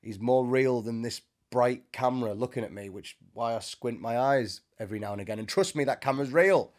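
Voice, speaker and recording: A man's voice: medium pitch, fairly quick. Man giving a casual faith talk. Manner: conversational, with joking asides. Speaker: Christian speaker. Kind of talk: informal spiritual teaching to camera. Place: indoors, sitting before a bright camera.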